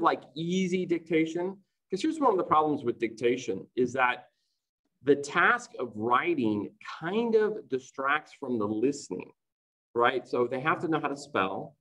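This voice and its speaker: A man's voice: mid-range voice, fairly bright tone, rough recording. A man presenting to fellow teachers in an online conference talk, explaining classroom activities in a chatty way and often checking in with "right?".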